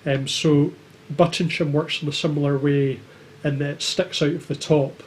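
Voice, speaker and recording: A man chatting casually on a livestream, speaking at a middling pitch in a flat, even tone. He hesitates often and pads his sentences with ums. A faint hum of noise runs underneath. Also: normal speed. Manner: hesitant, with many filler ums. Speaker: co-host of a maker livestream.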